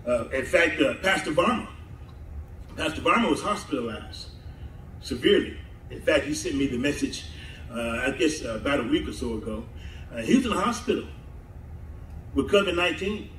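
A man's voice: a little high, expressive, moderate pace, pauses often, a bit bright, slight background noise. A man preaching a sermon as pastor, laughing often and drawing call-and-response from the congregation. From southern United States. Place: church sanctuary. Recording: echoey church hall mic from a distance.

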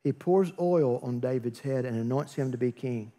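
A man's voice: medium pitch, normal speed, dark tone. A man preaching a sermon as pastor, telling a story with acted-out dialogue and joking asides.

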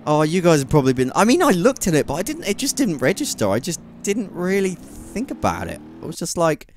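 A young man commentating his driving game, muttering to himself and then yelling and shrieking loudly at near misses. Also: fairly high pitch, huge pitch swings, a little fast, slight background noise. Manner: swings from quiet muttering to shrieking yells. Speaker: gaming YouTuber. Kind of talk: excitable gameplay commentary.

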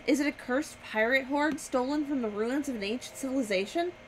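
A woman's voice: sits high, a little fast, a little hiss or hum, pitched above the performer's own voice, natural voice, low-quality recording. A woman voicing a curious young boy questioning his father. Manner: eager, wide-eyed questioning.

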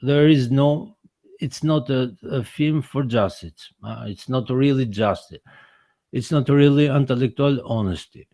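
Man, filmmaker presenting his own story, slow and halting non-native English, earnest, dry close sound. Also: medium pitch, warm tone, no echo. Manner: halting non-native English, many restarts and repeated words. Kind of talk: personal account in a presentation.

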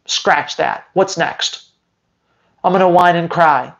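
A man's voice: on the high side, slow, vocal fry, fairly bright tone, pitched below the performer's own voice, exaggerated voice. A man voicing the inner thoughts of a scared young dog that wants to bolt, then gives up and whines. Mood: panicky.

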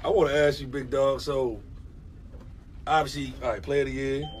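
A man's voice: mid-range voice, steady tone, moderate pace, recorded from a distance, slight background noise. Slangy man off the mic. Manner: laid-back, slangy, chiming in. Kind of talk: casual interview chat.

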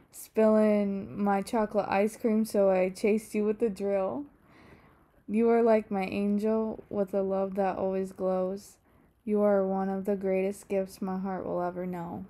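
Woman, sibling, slow, flat pitch, reciting, sweet recorded message.

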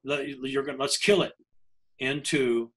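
A man's voice: mid-range voice, measured pace, breathy edge, low-quality recording. An older man, a language coach, telling a personal story in an interview, earnest and often breaking off and restarting his sentences.

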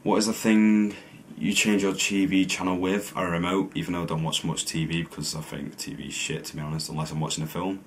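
A man's voice: sits low, flat delivery, brisk, slight background noise. A young man doing a casual challenge vlog, reading questions aloud and answering bluntly with plenty of swearing. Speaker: vlogger.

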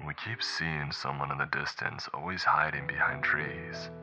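Man playing a frightened captain leaving quiet logs, very deep voice. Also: steady tone, measured pace, over music. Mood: subdued. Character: frightened male airline captain, recorded log.

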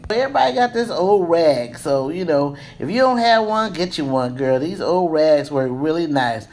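A woman in her fifties giving a casual, playful hair tutorial, breaking into excited squeals. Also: sits low, normal speed, hardly any pauses. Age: 50s. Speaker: beauty vlogger.

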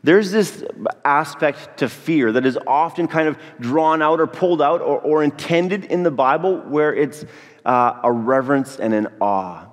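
A man's voice: fairly high pitch, a little slow. A man preaching a sermon to his congregation in a church, joking and speaking directly to the people. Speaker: pastor. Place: church sanctuary. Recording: long reverb of a church hall.

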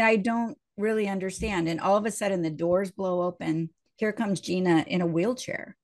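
A woman's voice: medium pitch, moderate pace, few pauses. A woman minister telling a personal story during a sermon, in a conversational way and acting out the voices of the people in it.

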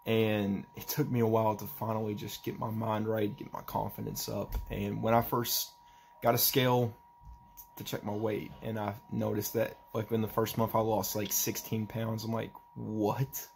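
A young man talking in a personal vlog, halting and emotional as he tries not to cry, with a faint hiss behind him. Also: on the low side, level tone, vocal fry. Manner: halting, emotional, restarts often. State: holding back tears. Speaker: vlogger.

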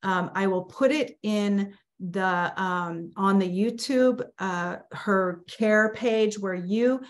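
A woman's voice: mid-range voice, steady tone. Lady leading prayer on a video call, upbeat faith talk, lotsa ums. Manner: encouraging, faith-filled, halting with fillers. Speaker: online prayer meeting host. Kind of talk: leading an online prayer meeting.

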